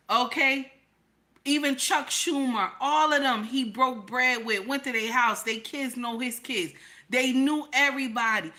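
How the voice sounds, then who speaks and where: Emphatic woman host, slow and bright. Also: fairly high pitch. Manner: emphatic, repeats herself, fires rhetorical questions; talks to her audience as "baby" and "honey". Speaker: live-stream host reading viewer comments. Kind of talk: opinionated live-stream commentary.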